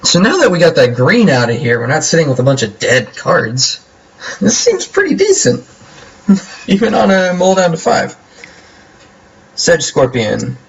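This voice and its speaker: Young male gamer, husky voice, playful running commentary on his own match. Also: on the high side, huge pitch swings, unhurried, long pauses, dull audio. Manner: playful, jokey, talks to himself while playing. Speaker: gameplay commentator. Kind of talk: casual game commentary.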